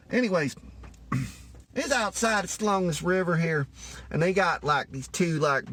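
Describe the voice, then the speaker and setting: On the high side with a fairly bright tone, a man from Louisiana speaks in a Cajun accent. His comedic monologue rambles and swears, folksy throughout, with frequent "anyways," listeners called y'all, and a habit of losing his thread.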